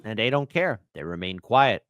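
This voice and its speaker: A man's voice: on the low side, sing-song, normal speed, a bit bright, no room sound, dull audio. A man hosting political commentary, ranting with fiery indignation. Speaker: commentary host.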